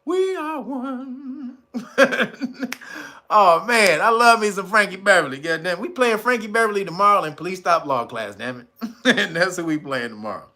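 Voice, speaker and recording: A man in his forties hosting a casual monologue, animated and emphatic, often laughing and swearing. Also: high-pitched, fairly quick. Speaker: channel host.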